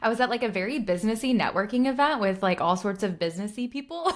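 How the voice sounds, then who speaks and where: A young adult woman co-hosting a podcast in casual chat, talking in a relaxed way with many fillers and laughing at her own stories. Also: mid-range voice, quick pace. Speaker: podcast co-host.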